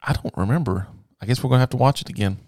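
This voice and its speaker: A man's voice: medium pitch, rapid-fire, a little mellow, dry recording. A man from Arkansas co-hosting a podcast, trading dry, wry quips in casual banter. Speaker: podcast co-host.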